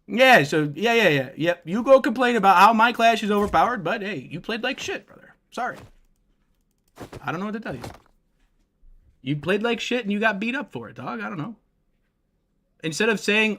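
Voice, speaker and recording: A man livestreaming a game and chatting with his viewers, brash and quick to swear and trash-talk. His voice sits high, with a forceful, bright edge. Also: animated. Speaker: game streamer. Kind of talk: casual livestream talk to chat.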